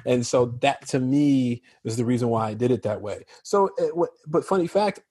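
A man's voice: mid-range voice, moderate pace, slightly rough, no room sound, clean studio sound. An American man from Chicago, an actor telling stories in a casual interview, laughing often. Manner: laughs often, animated storytelling. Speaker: actor guest.

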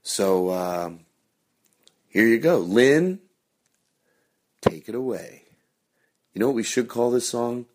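A man hosting a comedy podcast, talking casually and at times in a hushed voice. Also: mid-range voice, lively intonation, slow pace, pauses often. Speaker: podcast host. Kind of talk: casual chat recorded afterwards.

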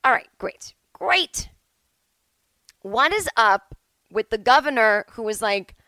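A woman's voice: on the high side, lively intonation, takes it slowly, pauses often, pushed and bright, no room sound, low-quality recording. A woman hosting her own podcast from home, talking in a loose, rambling way that often breaks off mid-thought. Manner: rambling, chatty, self-interrupting. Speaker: podcast host. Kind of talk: casual solo podcast monologue.

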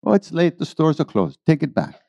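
A man doing a high, playful mock-cranky guru. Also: sing-song, brisk, gravelly, dark tone, no echo, dull audio, heavily acted. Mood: mock innocent.

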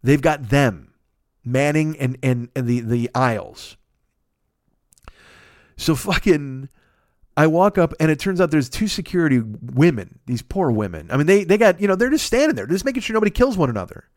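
A man hosting a podcast, telling a long comic anecdote in a casual, profane, animated way into a close mic. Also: on the high side, moderate pace, no room sound. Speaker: podcast host. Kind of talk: casual comedic storytelling.

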